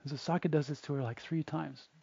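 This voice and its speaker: A man's voice: fairly high pitch, steady tone, fast, vocal fry, warm tone, breathy edge, no echo. A man, a Buddhist monk, retelling a story in a casual, chatty way with fillers, on a dull, dry lo-fi recording. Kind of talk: storytelling dharma talk.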